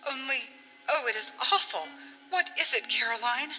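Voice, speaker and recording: A woman's voice: on the high side, big pitch swings, moderate pace, sharp tone, voice pushed up, heavily acted. A woman voicing a horrified middle-aged married sister who stammers and sounds scared. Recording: long reverb with faint music.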